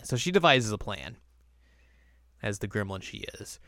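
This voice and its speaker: A man's voice: lowish voice, animated, moderate pace, pauses often, fairly bright tone, no echo, studio quality. A young man hosting a podcast, casually recapping an episode and acting out lines in silly voices. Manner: chatty, acts out quotes in silly voices. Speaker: podcast host.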